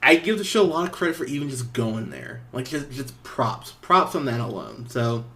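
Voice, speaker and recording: A man hosting a podcast, chatting casually about a show in a loose, rambling way. He gets animated as he goes, swears freely and laughs often, with a voice sitting at an ordinary middle pitch for a man. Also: normal speed, slight background noise. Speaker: podcast host. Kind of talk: casual review chat.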